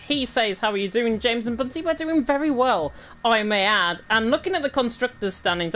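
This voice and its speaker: A woman's voice: medium pitch, fairly bright tone, poor audio. A woman with a Northern English accent giving chatty, self-deprecating live commentary on a racing league. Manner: chatty, self-deprecating, fluent reading of standings. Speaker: race commentator.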